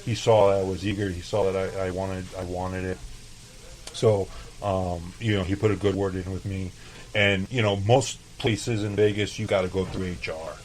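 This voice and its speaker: A man's voice: sits low, steady tone, moderate pace, low-quality recording. A man from El Paso, a chef and podcast guest, telling casual, profane stories and acting out past conversations. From El Paso, Texas. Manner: profane, laid-back, acts out dialogue. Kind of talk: casual interview storytelling.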